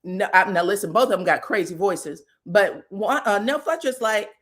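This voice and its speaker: A woman hosting a casual reality TV recap, animated and profane, acting out quotes with loud outbursts and laughter. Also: medium pitch, moderate pace, hardly any pauses.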